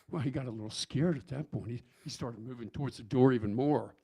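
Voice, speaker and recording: A man's voice: medium pitch, fast talker, hardly any pauses, mellow, slightly rough. A man telling a story in a church sermon, folksy, with many restarts and fillers. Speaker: speaker at church service. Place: church sanctuary.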